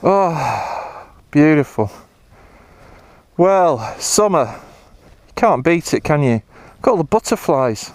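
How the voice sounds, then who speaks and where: A man's voice: fairly high pitch, big pitch swings, slow, a little mellow, dry recording. An English man vlogging casually while riding a motorbike on country trails, rambling with dry self-mocking humour and casual swearing, a bit tired. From England.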